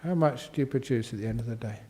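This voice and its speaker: A man's voice: mid-range voice, fast, warm tone. An older man, a Buddhist monk answering questions in a humorous dharma talk, playfully acting out quotes and sound effects.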